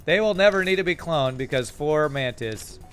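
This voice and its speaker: A man's voice: on the high side, expressive, normal speed, fairly bright tone, soft background music. A man streaming a strategy game live, talking casually through his moves and reading out and answering viewer chat. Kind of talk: live gameplay commentary.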